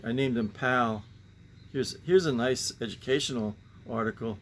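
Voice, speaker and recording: A man hosting a casual show-and-tell about his comic book collection, rambling and musing with sighing asides. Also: medium pitch.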